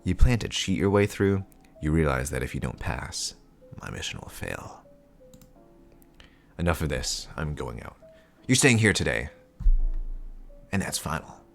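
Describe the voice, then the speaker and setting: A man's voice: a bass voice, big pitch swings, unhurried, gravelly, long pauses, a bit bright, faint music behind, exaggerated voice. A man voicing a stern male spy posing as a father, in clipped, earnest inner monologue. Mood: annoyed. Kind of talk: comic reading with voices.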